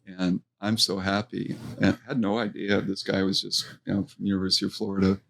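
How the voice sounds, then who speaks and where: Middle-aged man, restaurant owner type, low voice, chatty storyteller who acts out quotes. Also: fairly quick, gravelly. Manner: animated anecdote-telling, acts out quotes. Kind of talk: casual storytelling interview.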